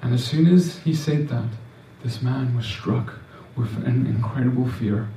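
A man's voice: mid-range voice, unhurried, dark tone, recorded from a distance, a little hiss or hum. A man preaching a sermon in an earnest, repetitive way, often restarting and stammering over words. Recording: echoey room, voice off-mic.

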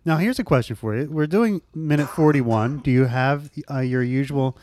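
A man co-hosting a podcast in casual banter, playful and quick to laugh. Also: medium pitch, darkish tone, a little hiss or hum. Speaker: podcast co-host.

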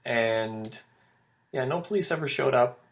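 A young man co-hosts a relaxed podcast, winding through a long anecdote. He pads his story with fillers and restarts and slips into quoted voices along the way. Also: mid-range voice, unhurried. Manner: rambling storytelling with many fillers. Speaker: podcast co-host. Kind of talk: casual podcast chat.

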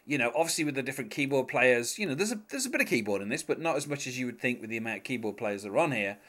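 A man's voice: mid-range voice, expressive, racing, a bit bright. A man co-hosting a casual music podcast, talking in a hesitant, chatty way with many fillers and short laughs. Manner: chatty, hesitant, reads lyrics aloud with laughs. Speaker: podcast co-host.

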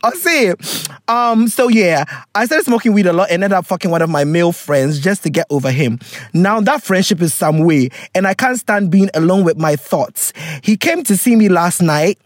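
A vlogger reading a viewer's letter aloud and reacting with animated, laughing commentary in casual storytime style. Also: mid-range voice, moderate pace, no room sound, clean studio sound.

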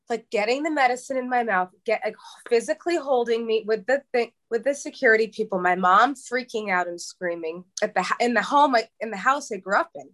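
A woman's voice: on the high side, a bit bright. A woman in her thirties from New York, speaking as an interview guest in a candid, emotional way, often restarting and repeating words as she searches for what to say. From New York, USA.

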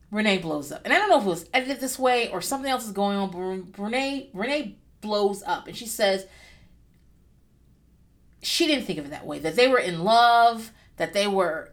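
A woman giving casual reaction commentary on a TV show, candid and profane, with lively asides. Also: medium pitch. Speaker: vlogger.

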